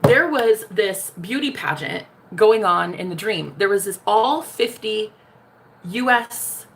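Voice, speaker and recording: A woman's voice: mid-range voice, expressive, takes it slowly, gravelly, slight background noise. A woman in a casual spiritual vlog, talking sassily and directly to viewers, calling them honey and laughing often. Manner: sassy, talks straight to the viewer, calls them honey; laughs often, jumps between loud and hushed. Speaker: vlogger.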